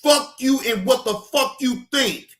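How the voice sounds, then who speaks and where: A man with a very high, bright voice rants slowly and angrily, swearing and often breaking into shouts. He sounds like a reaction channel host venting his commentary. The recording is echoey and roomy. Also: faint music behind. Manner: heated, profane, often shouting. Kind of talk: ranting commentary.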